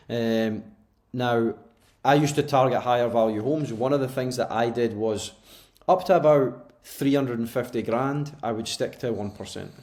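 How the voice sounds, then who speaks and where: Scottish dude cohosting a podcast, chatty, laughs a lot, mid voice. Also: male voice, mid-range voice, darkish tone. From Scotland. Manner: laughs easily, loose and chatty. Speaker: podcast co-host. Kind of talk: casual chat.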